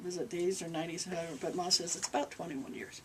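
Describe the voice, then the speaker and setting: A woman's voice: fairly low pitch, steady tone, rapid-fire, a bit bright. An older woman, a reverend, answering questions from a small group in a loose, rambling way and relaying what a spirit says. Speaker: channeling reverend. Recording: distant mic with faint noise.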